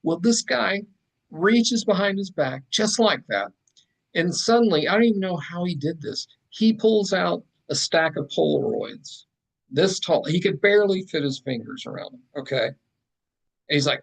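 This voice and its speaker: Gravelly husky man telling a story. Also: high voice, normal speed, poor audio. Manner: animated, rambling with fillers and asides. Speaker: podcast guest, fine artist. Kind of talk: casual storytelling.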